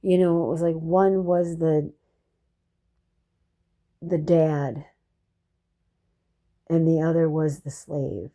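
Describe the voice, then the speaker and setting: A woman's voice: sits low, fairly even intonation, slow, long pauses, warm tone. A woman telling a personal story in a rambling, reflective monologue, restarting often and dropping profane asides.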